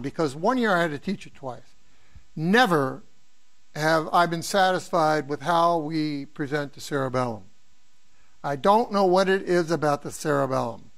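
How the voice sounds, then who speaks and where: An older man from the American Midwest, a neuroanatomy professor, gives an informal exam review lecture, rambling through anecdotes and posing questions to students. His voice is on the high side, gravelly, with a fairly bright tone.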